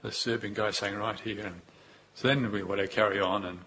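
A man giving a Buddhist dharma talk, unhurried and reflective, with pauses and repeated phrases. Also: lowish voice, fairly even intonation, sharp tone, slightly rough. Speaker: Buddhist teacher.

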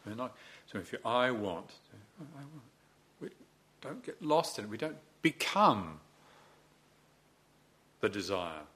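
A man with a fairly low voice leads a dharma talk at a meditation retreat. He teaches with gentle humor and slips into acted-out inner voices to make his points. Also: big pitch swings, unhurried, long pauses.

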